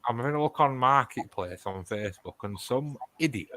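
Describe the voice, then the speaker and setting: A man's voice: mid-range voice, lively intonation, a little fast, bright, forceful tone. A man bantering in a casual chat, joking and swearing.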